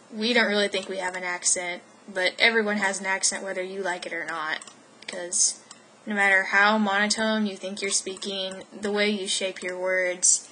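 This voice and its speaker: A woman's voice: mid-range voice, bright, forceful tone, a little hiss or hum, poor audio. A teenage girl from Texas, vlogging casually at home and rambling with lots of fillers and self-corrections. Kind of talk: casual voice meme vlog.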